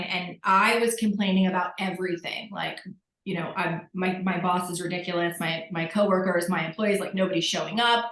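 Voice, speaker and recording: A woman's voice: fairly low pitch, a bit bright. Woman on a call telling her story, blunt and self-mocking, kinda echoey room. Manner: candid, self-mocking storyteller who acts out quotes.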